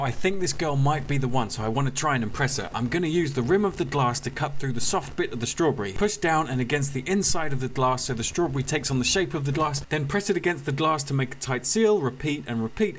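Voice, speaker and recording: A man's voice: medium pitch, slight background noise. A man hosting a comic cooking tutorial, chatty and self-mocking. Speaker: cooking video host.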